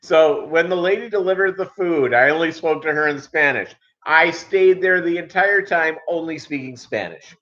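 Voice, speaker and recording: A man hosting his channel in casual live-stream chat, rambling and halting, with many fillers and restarts. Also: on the high side, bright, forceful tone. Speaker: channel host. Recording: dull lo-fi audio.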